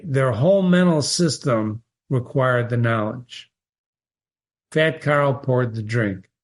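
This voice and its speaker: Unhurried male literature reader mixing narration with reflective commentary. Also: medium pitch. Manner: musing, thoughtful asides. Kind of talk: reading aloud with literary analysis.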